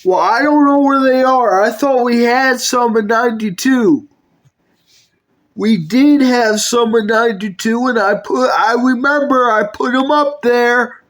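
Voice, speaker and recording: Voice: mid-range voice, measured pace, fairly bright tone. A puppet video maker performing every character in a comedy skit, switching between bickering character voices.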